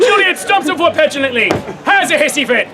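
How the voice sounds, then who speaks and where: High-voiced man hamming it up outdoors. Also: expressive, very noisy. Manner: playful, quick to laugh, directing volunteers. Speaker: comedy stage performer. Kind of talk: audience-participation comic storytelling. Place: outdoor fair stage. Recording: loud outdoor fair crowd. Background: crowd laughter.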